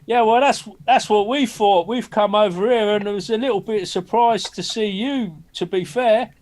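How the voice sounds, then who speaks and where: Male player, high voice, friendly in-character banter. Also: moderate pace, darkish tone. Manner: friendly, colloquial, hesitant. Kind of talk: in-character tabletop role-play.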